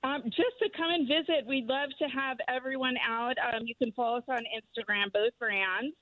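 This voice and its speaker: A woman's voice: high voice, normal speed, no room sound. A woman marketing executive as a radio guest, talking in a friendly, promotional way. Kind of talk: radio interview. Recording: tinny phone line.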